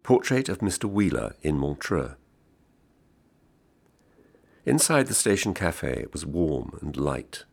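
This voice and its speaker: Very deep, gravelly man reading a story. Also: sing-song, normal speed, soft background music. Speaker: reader. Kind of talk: literary short story reading.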